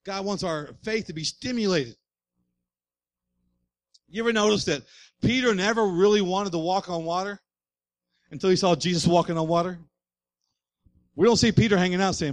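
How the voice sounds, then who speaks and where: High-voiced man preaching with fervor. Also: brisk, no room sound. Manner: preaching with rising fervor and repeated refrains. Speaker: pastor. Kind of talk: sermon.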